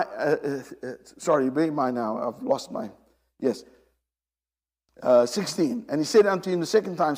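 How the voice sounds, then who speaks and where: Lively high-voiced preacher in a hall. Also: male voice, a little slow. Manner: emphatic, repeats and restarts phrases, addresses the congregation directly. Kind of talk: sermon.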